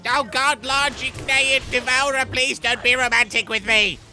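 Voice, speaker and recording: A man voicing a goofy, unhinged young male villain as he comments on a game, rambling through silly jokes with sudden shrill outbursts. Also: steady tone, moderate pace, sharp tone, faint music behind, full character voice. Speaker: gameplay commentator. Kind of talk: comedic let's-play commentary.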